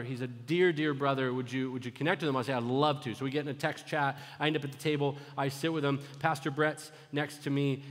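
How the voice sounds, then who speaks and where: A male pastor preaching a sermon, telling stories and moving between loud, urgent exhortation and hushed, low retelling. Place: church sanctuary. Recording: long church hall reverb.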